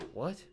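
A young man streaming a horror game, chatting with viewers in slang and yelping and shouting at every scare. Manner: excitable, yelps and shouts at scares. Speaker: gaming streamer. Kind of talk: live gameplay commentary to chat.

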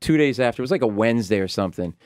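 A male comedian in a mid-range voice tells animated, profane stories as a radio guest, acting out the other people in them. The sound is close and dry. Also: medium pitch, rapid-fire, dry recording. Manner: lively, profane anecdotes that act out the voices of others. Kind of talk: animated storytelling on a talk show.

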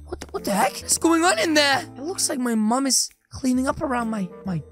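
A woman hosting game role-play commentary in a dramatic, excitable way, talking straight to her viewers. Her voice sits high. Music plays underneath throughout. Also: brisk. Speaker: host.

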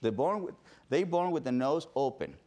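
A man giving an animated storytelling talk at an event, now and then acting out excited dog lovers in high squealing voices. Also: normal speed. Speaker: dog behaviorist speaker. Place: event stage.

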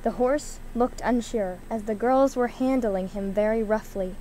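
A woman reading a children's novel aloud, lively, lifting her voice a little for the characters' lines. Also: mid-range voice, unhurried, few pauses, slight background noise, low-quality recording. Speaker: reader.

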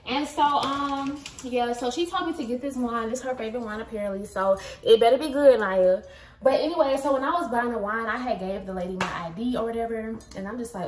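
Girl in her 20s vlogging, kinda high voice, chatty and animated, faint hiss behind. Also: a little fast. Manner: chatty and animated, lots of "like" and "y'all". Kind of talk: casual vlog talk. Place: at home, later in a car.

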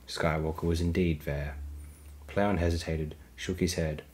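Deep-voiced male audiobook reader. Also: steady tone, moderate pace, darkish tone, low-quality recording. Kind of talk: fan audiobook narration.

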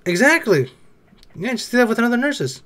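Male anime reactor with a fairly high voice, excitable and swearing, casual and unscripted. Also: brisk. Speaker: anime reaction video creator.

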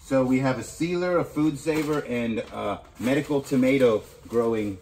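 Regular-voiced guy vlogging from a storage unit, jokey, thinks out loud, bit of faint noise behind. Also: mid-range voice, normal speed. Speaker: vlog host unboxing a storage unit. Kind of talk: casual chat to camera.

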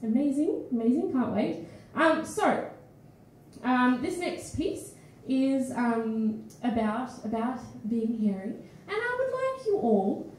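High-voiced Australian woman, echoey room. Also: takes it slowly, slight background noise. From Perth, Australia. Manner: animated, frank, swears often, laughs mid-sentence. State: tired and phlegmy. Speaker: feature poet. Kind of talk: casual stage banter. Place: small indoor studio venue with live audience. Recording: echoey room, mic from far off.

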